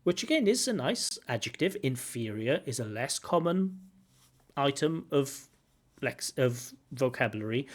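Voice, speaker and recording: A man working as an exam examiner, talking through a recorded speaking test and repeating words to model how they should sound. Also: medium pitch. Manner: thinks aloud, repeats words to model pronunciation. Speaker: IELTS examiner giving feedback. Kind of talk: reviewing a recorded test aloud.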